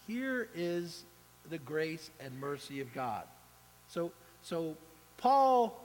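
A man preaching a sermon in an animated way, acting out the voices of the people he quotes. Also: sits high. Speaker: pastor. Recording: long hall reverb.

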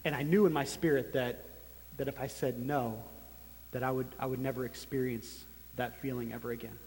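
A man in his thirties giving a personal testimony sermon as a church planter, telling his story earnestly and haltingly. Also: mid-range voice, fairly even intonation, darkish tone. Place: large meeting room. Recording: long hall reverb.

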